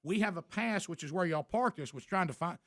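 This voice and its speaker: A man's voice: sits high, animated, a little fast, fairly bright tone, dry recording, clean studio sound. A man, a radio show host, telling a story in casual talk and acting out both sides of a quarrel with many restarts.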